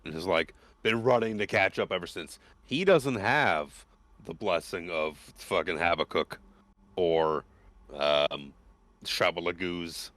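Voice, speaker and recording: A man's voice: low voice, fairly bright tone, no room sound. A man running a tabletop game as game master, talking casually with lots of fillers as he wraps up the session. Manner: laid-back, filler-heavy, unhurried.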